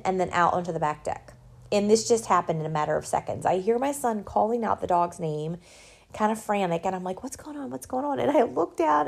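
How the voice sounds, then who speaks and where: A middle-aged woman talks straight to her listeners. She tells a personal story in an animated, laughing way. Her voice sits low with a gravelly edge. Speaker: nonprofit founder sharing a personal story. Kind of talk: casual personal talk to an audience.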